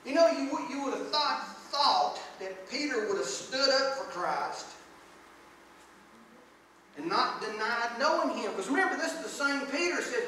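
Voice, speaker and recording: High-voiced preacher in an echoey hall. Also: male voice, lively intonation, unhurried, pushed and bright, far from the mic, slight background noise. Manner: acts out quoted lines in a raised voice, folksy asides. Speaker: pastor. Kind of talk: sermon. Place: church sanctuary. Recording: echoey church hall, speaker away from mic.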